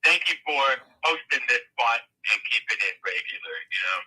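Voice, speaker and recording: A man's voice: medium pitch, expressive, moderate pace, pushed and bright, husky, low-quality recording. A man in a casual live chat, talking in a reassuring, reflective way.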